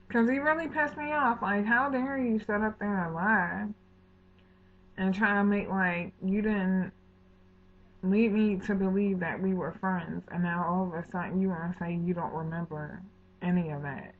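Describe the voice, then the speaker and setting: In her vlog, a woman with a mid-range voice tells a true story at normal speed, her intonation fairly even even as she fumes, swears, tosses in slangy asides, and acts out lines. The sound is thin and phone-like.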